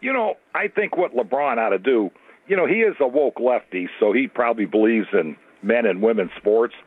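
Man calling into talk radio, sarcastic, husky voice, sounds like a phone. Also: mid-range voice, expressive, normal speed, dry recording. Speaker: caller. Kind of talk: call-in opinion. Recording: tinny phone line.

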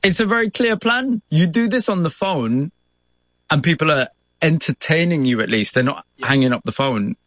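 A man's voice: on the high side, expressive, normal speed, fairly bright tone, no echo, clean studio sound. A male interviewer asking curious, probing questions in conversation.

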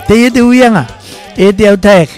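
A man's voice: high voice, normal speed, a little mellow, faint music behind. A man hosting a casual radio show, running a listener quiz in a playful, teasing way and switching between languages. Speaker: radio host.

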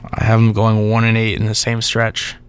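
A young man co-hosting a college radio sports show, blunt and quick to disagree in casual chat. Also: on the low side, completely flat delivery, clean tone.

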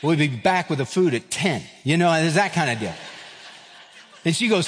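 A man's voice: a little high, animated, moderate pace, pauses often, long reverb tail, a little hiss or hum. A man in his fifties, a pastor giving a sermon, telling a personal story with humor and acting out voices. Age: 50s. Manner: storytelling, acts out voices, self-deprecating humor.

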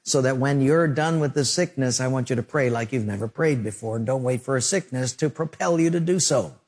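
A man's voice: medium pitch, a little fast, darkish tone. A middle-aged man preaching a radio sermon, telling stories and acting out scenes with sound effects. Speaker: pastor.

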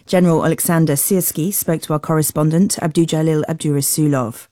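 A woman newsreader delivering a formal, measured news bulletin. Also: deep voice, fairly even intonation, dark tone, no echo, clean studio sound.

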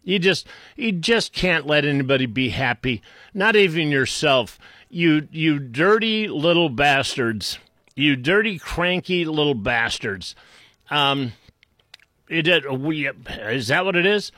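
A man with a Boston accent delivers an unscripted political rant, sarcastic and insulting, often restarting and clearing his throat. His voice sits a bit higher than most men's. The recording is dry and close, with no room echo. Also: animated, slow, pushed and bright. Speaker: political commentator.

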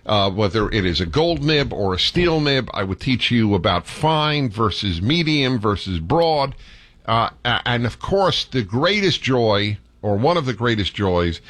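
A man's voice: medium pitch, a bit bright, no echo. Opinionated male radio host. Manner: emphatic, opinionated, mock-dramatic. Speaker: radio talk show host. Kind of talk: call-in radio talk.

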